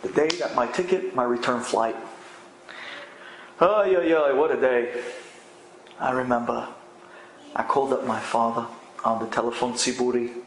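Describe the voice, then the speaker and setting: A man, a rabbi, telling an inspirational story in a dramatic way, dropping to hushed tones and rising to loud exclamations. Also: medium pitch, normal speed, long pauses. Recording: echoey room with faint ambient noise.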